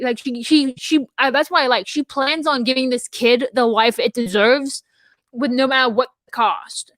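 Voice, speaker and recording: A young woman in casual podcast chat, her voice fairly high and her talk rambling with restarts and fillers. The sound is dry and close to the mic. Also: fairly even intonation, normal speed, fairly bright tone, no room sound. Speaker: podcast co-host and theater dramaturg.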